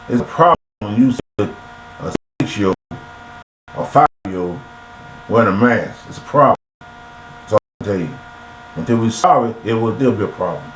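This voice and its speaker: A man's voice: on the low side, lively intonation, a little slow, pauses often. A grown man giving a casual motivational monologue into a webcam, repetitive and preachy, full of rhetorical questions. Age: adult. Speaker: motivational speaker. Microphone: computer webcam mic. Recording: echoey room with faint mains hum.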